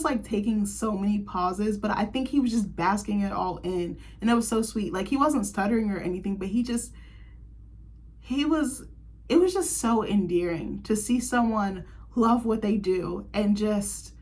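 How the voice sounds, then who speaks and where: A woman's voice: mid-range voice, breathy edge. A young woman hosting a casual chat show, gushing and chatty, filling her talk with "like". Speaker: host.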